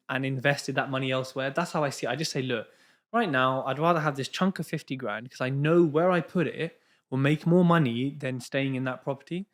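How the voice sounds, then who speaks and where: A man hosting a podcast, chatting casually and reasoning through his views in a relaxed way. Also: mid-range voice. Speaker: podcast host. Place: podcast studio booth.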